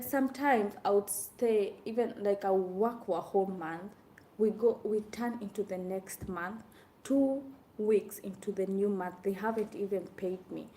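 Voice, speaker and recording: A young woman talking casually to viewers about her hard time working as a nanny, telling it in an animated, exasperated way. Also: medium pitch. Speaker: former nanny sharing experiences. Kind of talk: casual vlog talk to viewers.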